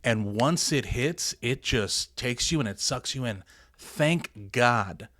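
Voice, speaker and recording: A man's voice: mid-range voice, animated, slow, bright, forceful tone, no room sound, studio quality. A man, a pastor and military veteran, telling his story in a candid podcast interview with earnest emphasis.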